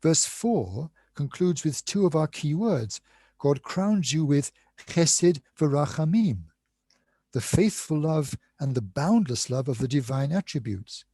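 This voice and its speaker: An older man lecturing on scripture in a measured, reading style, reciting Hebrew passages and sometimes losing his place. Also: a little high, animated, mellow, husky, no room sound.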